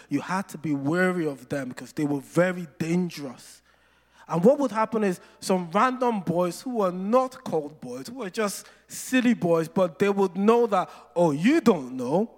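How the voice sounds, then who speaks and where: A male preacher with a fairly high voice, preaching a sermon. He tells stories with playful asides and slows down hard on scripture lines. His voice rings through a hall with long reverb. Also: darkish tone. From Nigeria.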